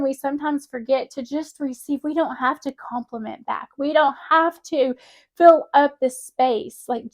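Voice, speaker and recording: A young woman vlogger telling a personal story in a chatty, animated way, often laughing mid-sentence. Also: high voice. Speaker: spiritual vlogger. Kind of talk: casual personal storytelling to camera.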